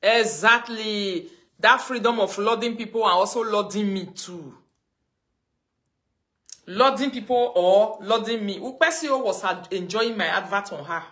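A Nigerian woman ranting on a livestream, mocking and scolding, her voice swinging between loud outbursts and low mutters. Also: normal speed. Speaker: livestream host. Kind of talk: casual livestream rant.

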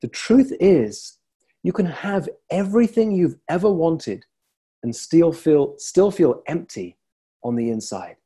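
A man who works as a leadership coach, giving a reflective motivational talk and telling stories with deliberate pauses. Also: fairly high pitch, big pitch swings, mellow, slightly rough.

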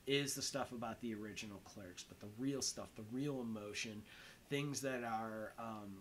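Slow, rambling young man commenting on a film. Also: mid-range voice, slight background noise, poor audio. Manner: rambling, heavy on fillers like "um" and "like". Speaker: movie commentary host.

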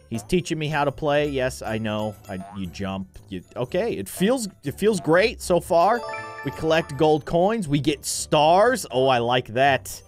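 A man's voice: a little high, unhurried, soft background music. A man hosting a gaming video, giving playful, joking commentary as he plays. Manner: animated, joking, mock-annoyed.

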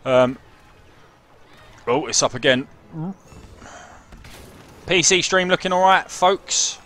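A young man streams a game, speaking slowly in a fairly high, bright, forceful voice. He chats casually and swears as he plays and reads chat, trading jokey banter in sweary, casual gameplay commentary.

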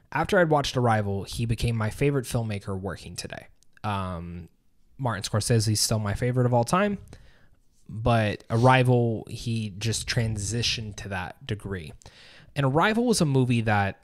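A man co-hosting a podcast in casual chat, earnest and emotional, swearing freely. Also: mid-range voice. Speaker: podcast co-host.

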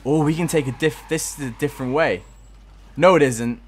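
A man's voice: a little high, moderate pace, slight background noise. A young man giving casual gameplay commentary, frustrated, swearing a lot and laughing at himself.

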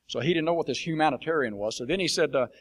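A man's voice: a little high, racing. A man speaking as a missionary preacher, telling plain-spoken stories to a church congregation with a blunt, folksy manner and frequent fillers. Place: church sanctuary.

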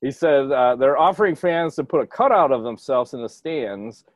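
A man hosting a casual podcast over a video call, talking in an excitable, profane and jokey way. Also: mid-range voice, moderate pace, no room sound. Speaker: podcast host.

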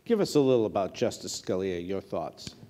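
A male interviewer with a low, mellow voice who asks short, prompting questions. His intonation rises and falls in a lively way, and faint noise sits behind him. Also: a little fast.

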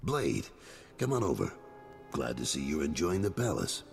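An actor playing a blunt, streetwise middle-aged gang boss in a video game, with a deep gravelly voice. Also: male voice, wildly swooping pitch, normal speed, in a large hall, soft background music, exaggerated voice. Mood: gruff. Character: gruff middle-aged male gang boss, worried father.

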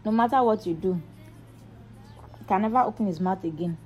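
A woman's voice: medium pitch, a little fast, a little mellow, muffled recording, soft background music. A young mother chatting in a casual home vlog, switching between cooing baby talk and asides to her viewers. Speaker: vlogger and mother.

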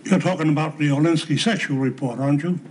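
A man's voice: fairly high pitch, fast, a little hiss or hum, close to an everyday voice. An older actor playing a plainspoken grandfather in a 1970s TV soap. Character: folksy old grandfather giving plain advice.

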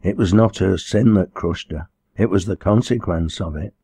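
A man reading a novel aloud in a measured, even storytelling manner. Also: low voice, slightly rough, dry recording. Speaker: audiobook reader. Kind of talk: scripted narration.

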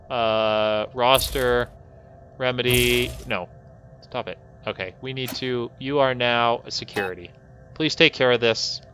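Bright-voiced man ranting over a game. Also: medium pitch, clean tone, highs cut off. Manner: exasperated, scolding his colonists, frequent outbursts. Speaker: gaming host. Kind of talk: live game commentary.

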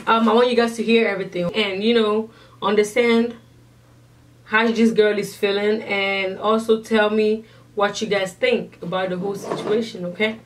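A woman hosting a reaction video, speaking quickly and chattily straight to her viewers. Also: medium pitch, fairly even intonation. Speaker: vlogger introducing and reacting to a clip. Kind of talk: casual reaction video commentary. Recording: distant mic with faint room noise.

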